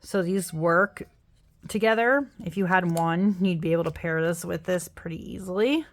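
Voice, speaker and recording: This tarot deck reviewer is a young woman with a somewhat low voice, speaking at normal speed. Tired from work, she rambles casually through a flip-through of tarot and oracle decks, laughing and apologizing now and then.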